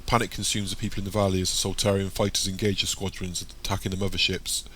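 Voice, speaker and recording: A man reading an audiobook in a steady, descriptive way. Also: sits low, fast, slight background noise. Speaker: audiobook narrator. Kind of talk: audiobook narration.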